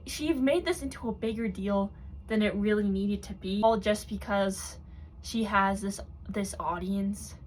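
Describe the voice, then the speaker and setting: A woman's voice: medium pitch, slight background noise. A woman hosting a commentary video, ranting in a mocking, exasperated way. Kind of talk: sarcastic commentary.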